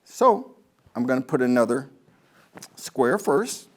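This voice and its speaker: A man's voice: mid-range voice, big pitch swings, slow. A man, a golf pro, giving a rambling motivational talk to a live audience, telling stories and asking the crowd questions.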